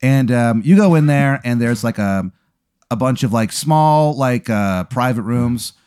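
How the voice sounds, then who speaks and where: A man's voice: mid-range voice, lively intonation, unhurried, darkish tone, clear, resonant tone. Man, game master, rambling comic narration, mid-range voice, many ums. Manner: rambling, many fillers and restarts. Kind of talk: improvised comedic storytelling.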